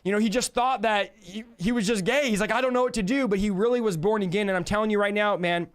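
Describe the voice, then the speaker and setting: A man's voice: high voice, fairly even intonation, fast talker, clean tone. A man in his thirties from California telling his personal faith testimony, acting out the quoted dialogue with animation. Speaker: guest sharing a testimony.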